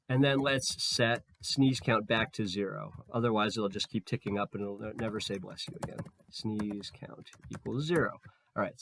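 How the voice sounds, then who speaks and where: A man with a slightly hoarse voice explains code in a screen-recorded tutorial. He talks in a relaxed way while he works, with fillers and restarts. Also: lowish voice, slight background noise. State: slightly hoarse, losing his voice. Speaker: programming tutor.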